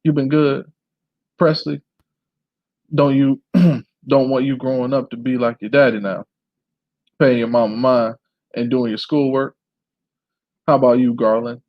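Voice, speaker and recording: A man reading the part of a smooth, patronizing absent father in a memoir, on a dull dry recording. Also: medium pitch, fairly even intonation, a little slow, pauses often, dry recording, natural voice. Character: smooth-talking absent father, big and showy.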